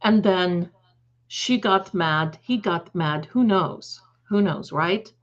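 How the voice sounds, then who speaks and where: A woman with a lowish, slow voice hosts a live stream, chatting in a rambling, emphatic way and often correcting herself mid-sentence. The stream audio is dull and lo-fi.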